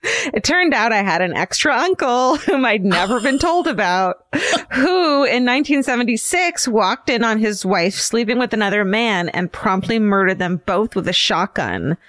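A woman co-hosting a podcast, reading listener letters aloud in a casual, animated way with laughs and swearing. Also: fairly high pitch, normal speed, no echo.

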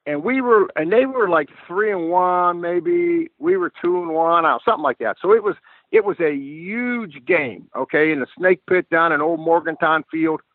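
An older man tells football stories in a lively, stop-and-start way, often doubling his first words. His voice sits fairly high for a man. It comes through a dry, tinny, phone-like line. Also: normal speed, no room sound. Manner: animated storyteller, repeats words when starting a thought. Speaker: guest football coach. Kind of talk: telling stories in a podcast chat.

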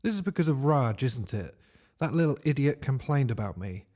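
A man voicing Johnny, a brash, clueless young male teacher who talks loudly and smugly. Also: mid-range voice, lively intonation, moderate pace, lightly acted. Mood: indignant. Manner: loud, smug and blurting.

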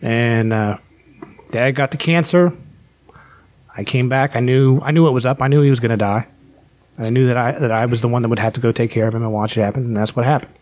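A man's voice: mid-range voice, steady tone, fairly quick, a little mellow. A man on a podcast telling his life story in casual chat, candid and full of swearing. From West Virginia. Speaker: podcast guest.

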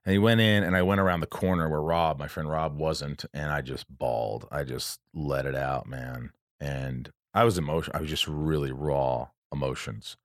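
A man's voice: a bass voice, steady tone, moderate pace, hardly any pauses, no room sound, clean studio sound. A male podcast host in casual chat, telling a personal story in an earnest, rambling and emotional way, with frequent restarts.

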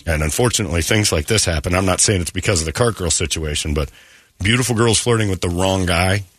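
A man's voice: sits low, fairly bright tone, slightly rough, no echo. A male radio host telling a raunchy story in casual chat, laughing and acting out other people's voices.

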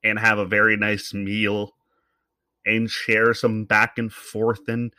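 A man from Canada delivers a solo comedic rant, talking in a fairly low voice. He swears freely and thinks aloud, circling his point before landing it. The sound is dry and close, with no room echo. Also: monotone, slow, bright, forceful tone. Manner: profane, rambling, thinking aloud. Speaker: commentator.

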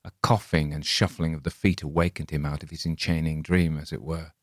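Man, audiobook narration, measured and expressive, very deep voice, dry sound. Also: no room sound. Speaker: audiobook reader. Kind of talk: scripted narration of a classic tale.

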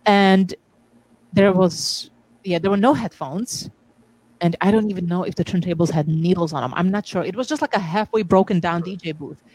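A woman with a lowish voice speaks at normal speed on a low-quality recording. As a guest DJ in a casual interview, she tells anecdotes animatedly, acting out quoted dialogue with frequent restarts and laughs.

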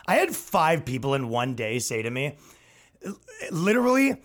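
A man hosting a podcast, ranting in a crude, sarcastic way and mocking others, swinging between loud outbursts and low asides. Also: sing-song, normal speed. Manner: profane, sarcastic, mocking, with put-on voices for others. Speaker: podcast host and stand-up comedian. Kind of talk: casual ranting monologue.

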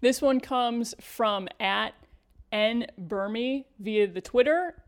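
A woman co-hosting a podcast in casual chat, measured and upbeat as she reads out listener questions. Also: fairly high pitch. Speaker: podcast co-host.

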